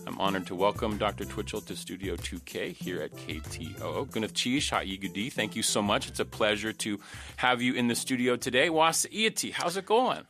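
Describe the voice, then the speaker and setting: A male public radio host speaking in a measured, formal announcer style. His voice sits low. Music plays beneath him in the studio. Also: a bit bright. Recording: music playing under the voice.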